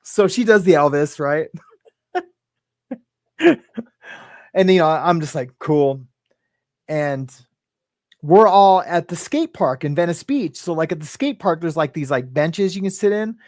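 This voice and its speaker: A man's voice: a little high, animated, a little slow, pauses often, darkish tone, dry recording. A middle-aged man telling a personal story as a podcast guest, rambling with lots of "right?" and "like", emotional and close to tears.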